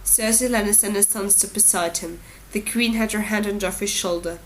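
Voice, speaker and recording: Woman, audiobook narrator, steady, even, storytelling, mid-pitched. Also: fairly quick, slight background noise, poor audio. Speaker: audiobook reader.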